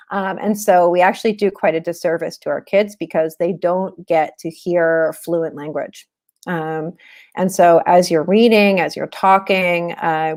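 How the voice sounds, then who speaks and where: A woman in her thirties explains things in a loose, conversational teaching style, full of "um" and "you know". Her voice sits a little lower than most women's. It sounds like a talk given over a computer mic in a webinar. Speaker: webinar presenter on teaching reading. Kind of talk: casual instructional talk.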